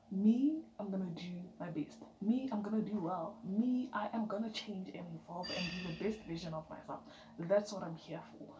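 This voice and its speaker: A woman giving an emphatic, chatty motivational vlog talk, dropping now and then into soft whispered asides. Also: mid-range voice, normal speed, muffled recording. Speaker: vlogger. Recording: echoey room with background noise.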